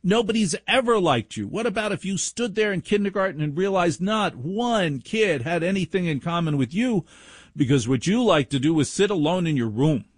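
A man hosting a radio talk show from his home, rambling sardonically and mocking listeners in high put-on voices. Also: lively intonation, moderate pace, dry recording, clean studio sound. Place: home laundry room studio.

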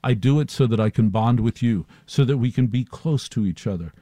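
Sardonic radio talk host, mellow voice. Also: male voice, medium pitch, brisk, dry recording. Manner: sardonic, riffing. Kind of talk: live talk radio monologue. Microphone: studio microphone.

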